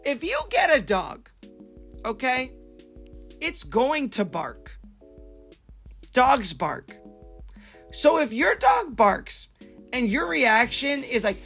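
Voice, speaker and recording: A man's voice: very high-pitched, very animated, takes it slowly, vocal fry, pauses often, sharp tone, husky, soft background music. A man co-hosting a casual podcast, ranting emphatically about his pet peeves. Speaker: podcast co-host.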